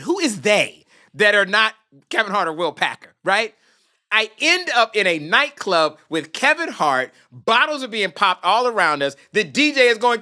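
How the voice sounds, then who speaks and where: Lively, bright-voiced male storyteller. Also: high voice, measured pace. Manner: lively, dramatic, acts out the people in his story. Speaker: podcast guest, film producer. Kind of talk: animated storytelling.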